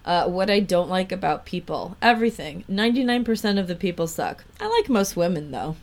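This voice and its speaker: A young woman co-hosts a podcast, reading questionnaire answers aloud in casual chat and adding profane, laughing remarks. Her voice is lowish and a little fast, with big pitch swings.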